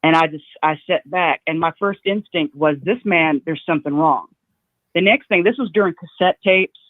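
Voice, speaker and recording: A woman calling in to a talk show, telling an emotional story in a halting way and often saying "you know". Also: low voice, dry recording. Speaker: caller. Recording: tinny phone line, dry.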